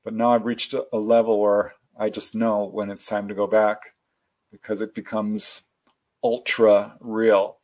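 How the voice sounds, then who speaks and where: A man telling personal stories as a guest in a casual interview, animated and laughing often. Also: fairly low pitch, measured pace.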